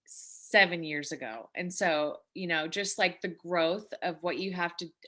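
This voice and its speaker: Bright, effusive woman hosting a call. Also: lowish voice, a little slow. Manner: effusive, grateful, rambling with restarts. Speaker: breathwork facilitator hosting a live online session. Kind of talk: emotional casual chat with participants. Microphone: video call.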